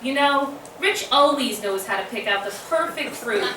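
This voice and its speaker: A woman imitating an older aunt who leans in and confides praise in a hushed, gossipy way. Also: a little high, expressive, normal speed. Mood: confiding. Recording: echoey room from a distant mic with ambient noise.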